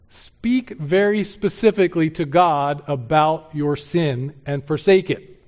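A man preaching a sermon, moving from loud urgent exhortation to hushed, earnest pleading. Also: a little high, slow pace. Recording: dull sound with long hall reverb.

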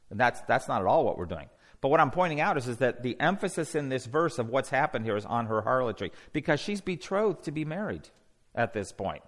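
Teaching a Bible study group, this medium-pitched man speaks in a lively, conversational manner. He often asks the group questions and tends to start his sentences over.

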